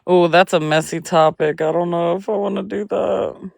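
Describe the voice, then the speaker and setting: On her casual livestream, a young pregnant host chats lazily with viewers and hums between remarks. Her voice is fairly low, steady, a little mellow and gravelly at normal speed, captured dry in studio quality.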